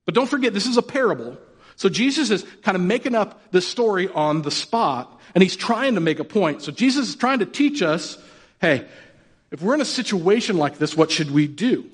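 A man's voice: high-pitched, very animated, normal speed, slightly rough. A male pastor delivers a sermon with a slightly raised voice, talking like he is chatting with friends. He jokes and keeps asking his listeners questions. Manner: casual and joking, asks the audience questions. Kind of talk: conversational sermon.

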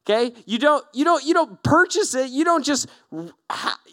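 A male pastor preaches with a high, lively voice, acting out little back-and-forth scenes. The sound is dry and close, with almost no room behind it. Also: normal speed, no echo. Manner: animated, acts out little dialogues. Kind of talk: sermon.

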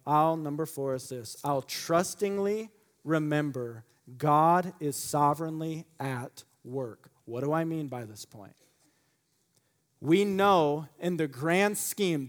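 A man preaching a sermon as pastor, swinging from loud emphatic questions to soft, low asides. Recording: long reverb of a large hall.

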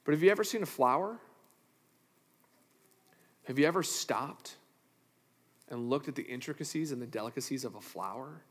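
A man preaching a sermon as a pastor, animated and playful, swinging from loud to hushed with self-deprecating asides. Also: mid-range voice, normal speed, long pauses. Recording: reverberant hall.

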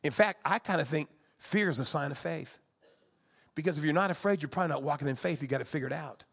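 A man in his sixties, a pastor preaching a sermon with emphatic swings between loud and soft. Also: a little high, fast, creaky, breathy edge.

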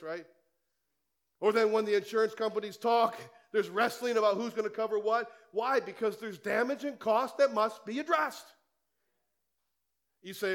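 A man's voice: sits high, fairly quick, fairly bright tone. A male pastor preaching a sermon in a conversational way, firing rhetorical questions at the congregation in church.

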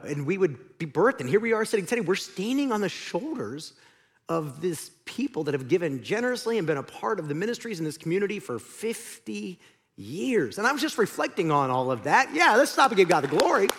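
A man's voice: high voice, a bit bright. A man preaching a sermon as the pastor, conversational and joking, speaking in a large church auditorium.

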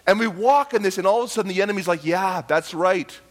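Male pastor, middle-aged, high-pitched voice, emotional sermon delivery that drops to a hush and rises to loud calls. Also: very fast. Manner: emotional storytelling, swings from hushed to loud.

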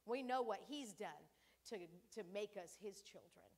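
A woman's voice: mid-range voice, expressive, moderate pace, darkish tone. A woman in her fifties preaching a sermon, telling family stories with laughs and call-outs to the congregation.

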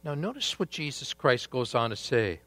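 A man preaching a sermon, deliberate and emphatic, with dramatic pauses. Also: medium pitch, sing-song, fairly bright tone, dry recording. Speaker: pastor.

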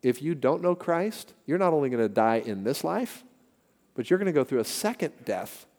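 A man's voice: medium pitch, animated, moderate pace, darkish tone. A middle-aged man preaching a sermon as a pastor, earnest and conversational, weaving in personal stories. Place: church sanctuary. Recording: church hall with long reverb.

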